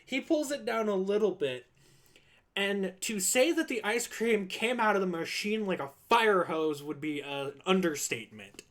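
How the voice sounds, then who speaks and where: A man's voice: high-pitched, animated, normal speed, a bit bright. A man streaming, telling a story casually and animatedly, acting out other voices and swearing freely.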